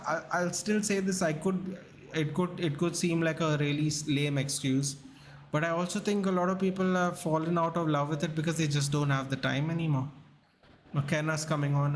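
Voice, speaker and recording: A man's voice: fairly high pitch, a little hiss or hum. A man hosting a live sports watchalong, chatting casually and rambling as he reacts to the match and answers the chat, sounding tired. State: tired, yawning.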